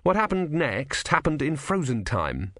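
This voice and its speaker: A man's voice: fairly high pitch, very animated, a little slow, fairly bright tone, no room sound, studio quality. Wry male audiobook narrator. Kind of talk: scripted narration.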